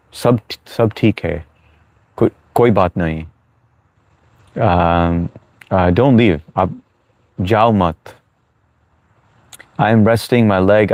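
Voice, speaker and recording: Deep-voiced laid-back male streamer. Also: a little mellow, dry recording. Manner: laid-back, chatty, greets viewers as bro and man. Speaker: live streamer. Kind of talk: casual live-stream chat reading viewer comments.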